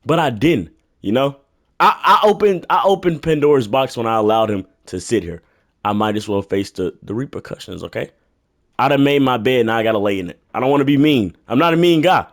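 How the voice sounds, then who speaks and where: Animated, profane young man ranting. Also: medium pitch, a little fast. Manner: animated, profane, exasperated, bursts into yelling. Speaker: storyteller. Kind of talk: comedic rant storytelling.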